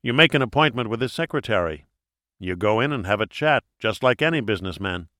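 A man playing a calm, unflappable male investigator with a dry, understated manner. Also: fairly low pitch, fairly quick, no room sound.

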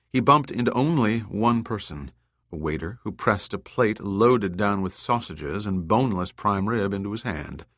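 A man narrates an audiobook from a script in a steady, measured reading voice on the low side. The recording is dry and studio quality.

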